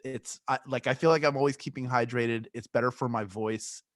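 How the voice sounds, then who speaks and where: A man's voice: mid-range voice, fairly even intonation, a little fast, no room sound, clean studio sound. Rambling, joking male podcast co-host. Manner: rambling, self-interrupting, joking. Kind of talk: casual chat.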